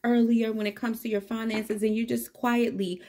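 A woman's voice: a little high, flat delivery, normal speed, mellow. A woman giving a casual tarot reading, upbeat and encouraging, chatting straight to her viewers, with a cat meowing in the background. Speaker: tarot reader.

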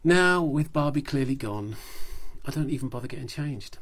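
A man's voice: medium pitch, animated, normal speed. A man reading his own comic short story aloud in a wry first-person narration.

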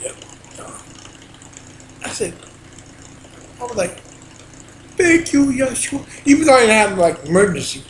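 A man, a minister, preaching in a home video, excitable and folksy, breaking into shouts when he quotes scripture. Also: extremely high pitch, a little slow, pauses often, slight background noise. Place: alone at home. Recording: roomy echo.

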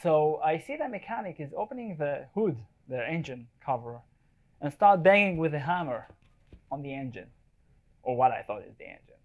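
A man's voice: a little high, very animated, moderate pace, darkish tone, dull audio. Chatty male photographer giving a talk. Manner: chatty, jokey, checks in with the audience. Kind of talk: live presentation with slides. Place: event space before a live audience.

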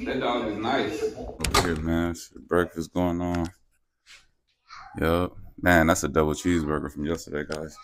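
A man's voice: low-pitched, unhurried. A young man hosting a casual home vlog, playfully coaxing kids and dogs and laughing often. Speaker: vlogger. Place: home kitchen. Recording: noisy home recording.

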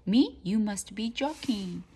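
A woman's voice: mid-range voice, animated, slow, warm tone. A woman growling as a tough little guinea pig. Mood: grumbling. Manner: gruff, grumbling, boastful. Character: tough-talking male guinea pig who wants to be a bad pig. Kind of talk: storybook read-aloud.

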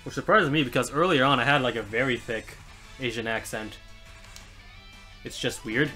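A male streamer talks through a live game session, joking with his chat and laughing often. His voice is bright and clear, sitting at a middle pitch. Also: measured pace, long pauses, faint music behind. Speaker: let's play streamer. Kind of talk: live gameplay commentary.

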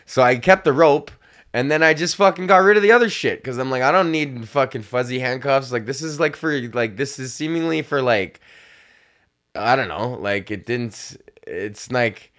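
A man's voice: medium pitch, expressive, moderate pace, a bit bright. Young male podcast host, casual comedic rant, profane and rambling, acts out the other voices, laughs often.

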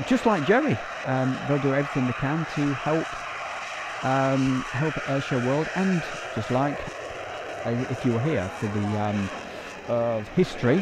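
A man from the north of England hosting a live stream, chatting excitably with lots of fillers and laughs. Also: medium pitch, very noisy. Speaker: livestream host. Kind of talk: casual live chat reading viewer comments.

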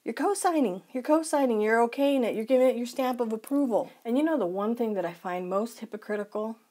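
A woman's voice: a little high, fast talker, mellow. A woman vlogger ranting emphatically and sarcastically to her viewers. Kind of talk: vlog rant.

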